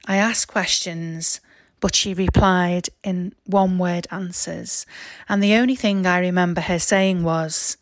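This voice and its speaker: A woman with a Liverpool accent, reading her own memoir stories aloud in a wry, self-mocking, expressive way. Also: lowish voice, unhurried, no room sound, studio quality. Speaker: author and narrator. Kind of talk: memoir storytelling, read aloud.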